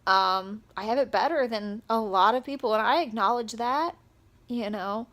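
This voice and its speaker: A young woman talking straight to camera in a personal vlog, upset and close to tears, speaking haltingly with many pauses and fillers. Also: a little high, a bit bright. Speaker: vlogger.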